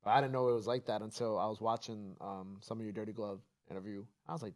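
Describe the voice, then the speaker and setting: Relaxed New man hosting. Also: on the low side, fast talker. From New York. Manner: relaxed, joking, laughs easily. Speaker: host. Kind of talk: casual interview chat.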